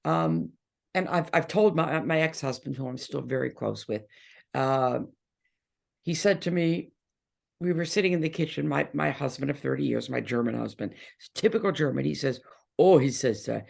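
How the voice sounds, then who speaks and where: Gravelly, animated older woman telling stories. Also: rumbling low, moderate pace. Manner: lively anecdote-telling, laughs often. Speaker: interview guest, musician. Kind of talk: casual interview chat.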